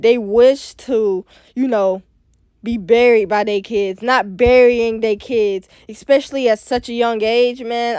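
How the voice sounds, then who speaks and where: Young man, reaction host, slangy, emotional, higher voice, voice cracking. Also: a little mellow, clear, resonant tone, no room sound. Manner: slangy, emotional, repeats "bro" and "like". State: voice cracking with sadness. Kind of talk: casual reaction commentary.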